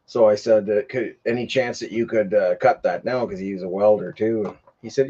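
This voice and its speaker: A man's voice: lowish voice, fairly even intonation, moderate pace, warm tone, lo-fi sound, slight background noise. A man hosting a casual livestream, telling a long rambling story with lots of fillers and restarts. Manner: rambling, many fillers, gets heated retelling. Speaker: livestream host.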